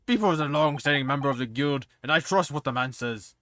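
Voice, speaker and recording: A man voicing a blustering master coachman, loud and bombastic, trying a Scottish accent. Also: mid-range voice, fast talker, slight background noise, natural voice. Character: blustering middle-aged master coachman juror. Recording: game music behind.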